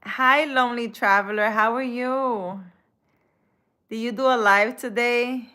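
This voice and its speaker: A woman spiritual reader chatting casually on a live stream, soft-spoken and hesitant as she answers comments. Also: fairly high pitch, steady tone, a little slow.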